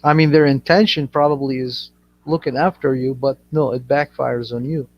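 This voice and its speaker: A man's voice: medium pitch, moderate pace. A man from Iraq chatting casually, telling stories crudely with lots of swearing. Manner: crude, swears freely, animated storyteller. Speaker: channel host. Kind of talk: casual chat. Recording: dull lo-fi audio.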